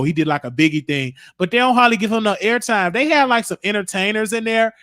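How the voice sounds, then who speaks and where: A high-pitched man hosts a casual livestream chat. He rambles and speaks bluntly, dropping curse words freely. His voice is dry and close, with no room echo. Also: expressive, quick pace, few pauses, a bit bright. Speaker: show host.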